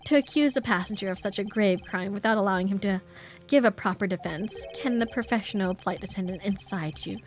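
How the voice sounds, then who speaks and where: A woman voicing a composed, formal male prosecutor in a measured, polite, firm way, reading game dialogue aloud. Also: medium pitch, faint music behind, lightly acted.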